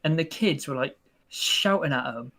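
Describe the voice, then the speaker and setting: A man's voice: on the high side, normal speed. Young British man telling stories. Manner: animated storytelling, acts out customers' lines. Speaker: podcast co-host. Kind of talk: casual chat.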